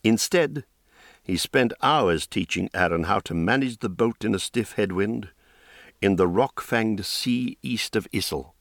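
A man reading a fantasy novel aloud in a measured, deliberate storytelling voice. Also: fairly low pitch, a bit bright, dry recording, clean studio sound. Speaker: audiobook narrator. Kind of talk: scripted narration of a fantasy novel.

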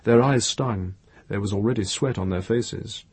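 A man reads fiction aloud as the audiobook narrator, in slow, measured narration. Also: fairly low pitch, a little mellow, breathy edge, dry recording. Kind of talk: scripted narration.

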